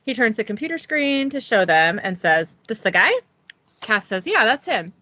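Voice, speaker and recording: In a fairly high, sing-song voice that's bright and forceful, a podcast host reads her episode recap at a normal speed. She's casual, giggly and self-deprecating, barely voicing the quotes. The recording is dry and muffled.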